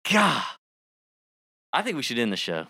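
A man chatting casually as a podcast co-host, his voice bright and crisp. He gets animated and slips into rap impressions. The sound is dry and close, with no room around it. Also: mid-range voice, a little fast, dry recording. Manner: animated, breaks into rapping and song impressions. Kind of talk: casual podcast chat with ad read.

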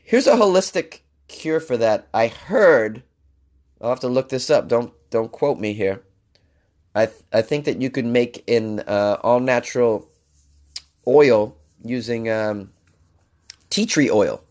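A man's voice: medium pitch, animated, slow pace, a little mellow. A man giving casual, jokey commentary while reading out a science news story, with sarcastic asides. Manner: jokey, sarcastic asides, mock-crooning bits.

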